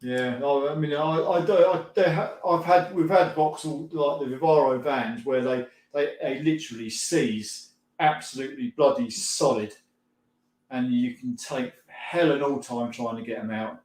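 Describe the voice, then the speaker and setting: A man's voice: medium pitch, normal speed, darkish tone, roomy sound. A middle-aged man hosting a casual live stream, rambling through viewer comments with frequent laughs and mild swearing.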